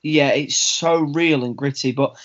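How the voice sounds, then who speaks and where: A man's voice: a little high, measured pace. Enthusiastic male podcast host, slightly muffled. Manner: enthusiastic, colloquial, stumbles over restarts. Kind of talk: casual podcast interview.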